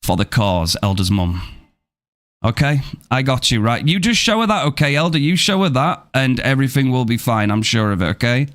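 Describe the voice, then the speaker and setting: A man's voice: medium pitch, big pitch swings, moderate pace, fairly bright tone. A man chatting casually with his viewers on a live game stream, upbeat and thankful as he answers the chat.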